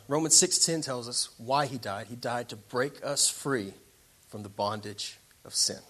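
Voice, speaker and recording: A man preaching a sermon to a church congregation in a dramatic way, moving from quiet passages to loud ones. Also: medium pitch, measured pace. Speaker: pastor.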